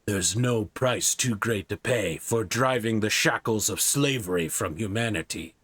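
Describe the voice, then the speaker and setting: A man voicing a pale, bland, gloomy giant who speaks flatly and with resignation. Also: fairly low pitch, a little slow, dry recording, pitched below the performer's own voice. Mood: resigned.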